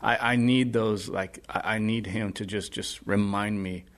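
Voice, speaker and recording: Earnest low-voiced man. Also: fairly even intonation, unhurried. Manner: earnest, rambling with many fillers. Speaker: podcast guest. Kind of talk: casual testimony chat.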